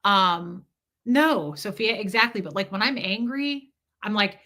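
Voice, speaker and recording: A woman's voice: mid-range voice, animated, normal speed, pushed and bright. A woman hosting a casual livestream, talking candidly and emphatically while answering viewer chat, swearing freely and often repeating herself.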